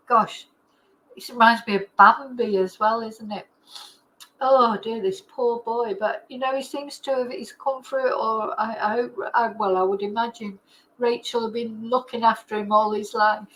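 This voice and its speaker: A woman's voice: fairly high pitch, fairly even intonation, a little slow, fairly bright tone, slight background noise, poor audio. A woman, reading a true crime account aloud and breaking off into emotional, tearful asides. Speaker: true crime channel host.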